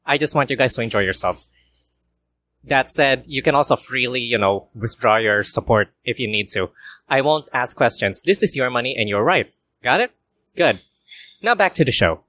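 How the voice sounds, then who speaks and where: A man with a worn-out, hoarse voice casually reading a visual novel aloud for a let's play, with apologetic asides. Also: mid-range voice, animated, normal speed, pushed and bright. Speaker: gaming YouTuber.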